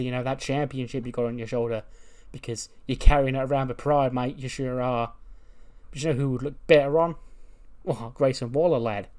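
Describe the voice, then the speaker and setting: A man's voice: mid-range voice, close to an everyday voice. A man voicing a brash, boastful young male wrestler trash-talking a champion. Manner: boastful, swaggering trash talk.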